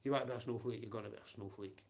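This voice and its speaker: A man's voice: fairly low pitch, fairly even intonation, racing, darkish tone. A man with a Scottish accent ranting on a livestream, profane and confrontational, with blunt taunts.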